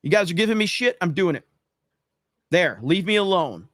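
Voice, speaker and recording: This American livestream host has a high-pitched, somewhat bright voice that swings widely in pitch at a normal pace. Reading viewer super chats aloud, he responds with profane, exasperated jokes, captured in clean studio sound with no echo.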